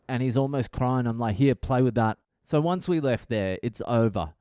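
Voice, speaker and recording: Aussie comic, 30s, swearing storyteller, warm and smooth tone, dry close mic. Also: male voice, medium pitch, moderate pace, hardly any pauses, dry recording. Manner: swears constantly, rambling and exasperated. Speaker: comedian podcast host.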